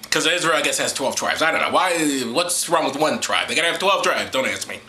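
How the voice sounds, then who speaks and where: Guy rambling and joking around, bouncy sharp voice, echoey room w faint hiss. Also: a little high, sing-song, a little fast, few pauses. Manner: laughing, rambling, mocking. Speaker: host. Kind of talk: casual irreverent commentary.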